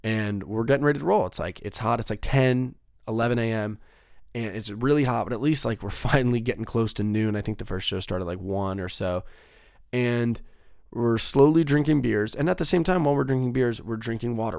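A man's voice: medium pitch, animated, fairly quick, vocal fry, a little mellow, smooth, no room sound, clean studio sound. A young man casually telling a long personal story, rambling and swearing, with lots of filler words.

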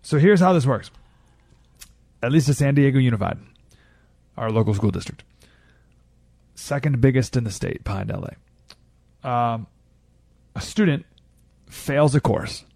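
A man's voice: medium pitch, animated, measured pace, gravelly, pauses often, darkish tone, no echo. A man hosting a talk radio show, delivering an opinionated monologue with sarcastic, incredulous jabs and laughter.

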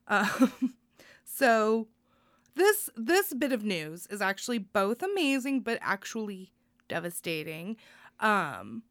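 Her medium-pitched voice has a sing-song quality and a slow pace as this young adult podcast co-host rambles heartfeltly through some good news, with lots of fillers. The sound is studio quality with no echo.

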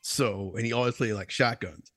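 A young man co-hosting a gaming podcast, telling stories in a loose, animated way, laughing and raising his voice when quoting others. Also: on the low side, normal speed, no echo. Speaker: podcast co-host. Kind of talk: casual storytelling chat.

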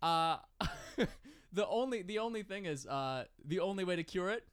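A man co-hosting an improvised comedy podcast, cracking crude deadpan jokes. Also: high-pitched, moderate pace, clean tone, no echo, clean studio sound. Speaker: podcast co-host.

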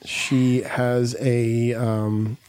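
A man hosting a podcast in casual banter, a profane, rambling storyteller who sometimes slips into squeaky impressions. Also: level tone, drawn-out words, a little mellow. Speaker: podcast host.

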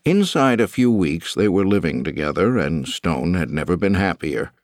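A male audiobook narrator with a very deep voice. His delivery is lively and expressive, with the pitch rising and falling freely. The sound is dry and close-miked. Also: normal speed, dry recording. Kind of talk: scripted narration.

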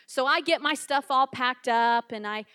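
A woman's voice: high voice, moderate pace, sharp tone, clear, resonant tone. Chatty woman minister telling a story. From Cincinnati area, USA. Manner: chatty, acts out dialogue, lots of fillers. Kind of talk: storytelling sermon.

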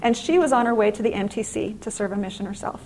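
An earnest middle-aged woman addressing a crowd with a faith-based motivational talk. Her voice sits at an ordinary middle pitch, and she tells her stories with lively conviction. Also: fast talker, a little hiss or hum, rough recording. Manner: earnest, animated storytelling. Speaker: inspirational speaker.

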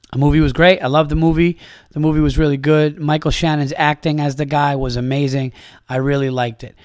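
A comedian hosts his podcast in loose, casual chat, cursing freely and piling up fillers. His voice sits a bit high for a man. The recording is dry, with little room sound. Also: no echo. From upstate New York. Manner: rambling, loose and profane, with many fillers.

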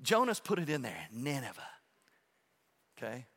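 A man's voice: mid-range voice, wildly swooping pitch, normal speed, fairly bright tone, long reverb tail. A male pastor preaching a sermon in a church in a conversational way, often checking in with "okay?" and restarting phrases. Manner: frequent restarts and repeated words. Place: church sanctuary.

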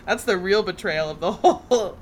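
A woman co-hosting a podcast, chatting casually and throwing in joking asides in loud mock voices. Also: medium pitch, normal speed, a little hiss or hum. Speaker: podcast co-host. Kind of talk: casual recap chat.

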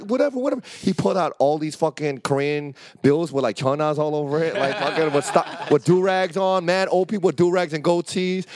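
A man telling a story in casual chat among friends. He swears freely and acts out the people he quotes. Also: a little hiss or hum. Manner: animated storyteller, swears a lot, acts out quotes with a jumping pitch.

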